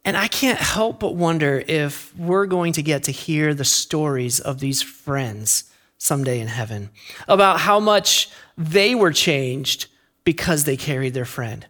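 A pastor delivering an earnest sermon, with emphatic swings in pitch and loudness. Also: expressive, unhurried.

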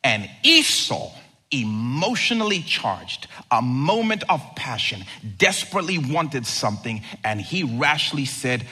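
A man preaching a sermon as pastor, animated, acting out quoted lines and swinging from loud to hushed. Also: medium pitch, a little slow, husky. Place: church sanctuary. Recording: long reverb of a large hall.

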